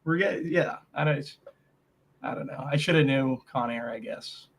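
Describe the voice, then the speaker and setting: A man's voice: mid-range voice, normal speed. A man co-hosting a casual sports betting chat, laid-back and trailing off as he talks. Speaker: co-host.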